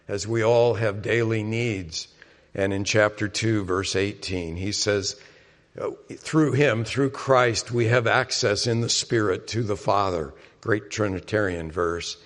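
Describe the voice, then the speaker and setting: A man preaching a sermon, earnest, rising on key points and dropping soft and low for appeals. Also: long reverb tail. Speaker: pastor.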